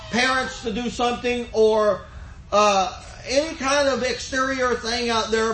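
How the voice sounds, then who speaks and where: An older man preaching, his voice unusually high and bright. He tells homespun stories and then presses his points with fervor. The sound is echoey, as in a church room. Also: slight background noise. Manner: folksy storytelling, rising to fervent emphasis. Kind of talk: sermon.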